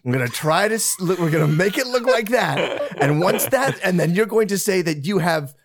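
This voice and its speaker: Rambling excited man at a game table. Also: sits high, moderate pace, crowd noise. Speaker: player.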